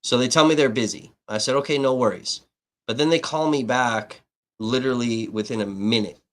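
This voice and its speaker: A man at mid pitch tells a story to his livestream audience in loose, swear-heavy talk. He keeps the retelling animated and acts out each side of the conversation as he goes. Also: brisk. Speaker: livestream host and independent writer. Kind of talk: casual profane storytelling.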